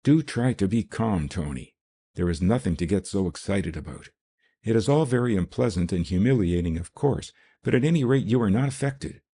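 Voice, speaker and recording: A man reading an audiobook, voicing a composed gentlewoman who speaks gently and persuasively. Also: lowish voice, lively intonation, moderate pace, husky. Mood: calm, persuasive. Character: composed gentlewoman, calm and firm.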